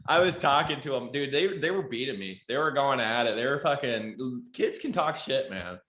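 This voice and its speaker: A man, a comedian guest, chatting casually and swearing as he tells stories, often jumping into loud acted quotes. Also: mid-range voice, expressive, normal speed, roomy sound. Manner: loose, profane storytelling with loud acted quotes. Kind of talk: casual podcast chat.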